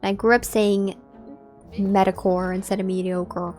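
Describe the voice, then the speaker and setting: A woman's voice: medium pitch, steady tone, fairly quick, soft background music. A woman streaming a game and chatting casually with her viewers, musing aloud. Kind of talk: casual gameplay commentary.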